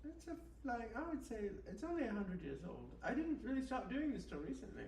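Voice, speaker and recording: A woman leading an absurd, deadpan guided meditation and chatting with the host at a live bookstore event. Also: a little high, a little fast. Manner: deadpan absurdist, rambling with fillers. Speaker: guest performer. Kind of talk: comic improvised guided meditation and chat. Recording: roomy and distant, faint background noise.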